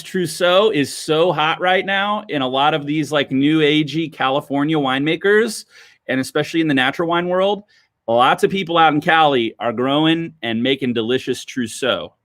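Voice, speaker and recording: A fairly high-voiced man leads a livestreamed wine lesson as a sommelier host. He is chatty and keeps checking in with his viewers. The sound is dry and close, with no room echo. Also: fairly bright tone. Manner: chatty, addresses viewers as guys, checks with okay.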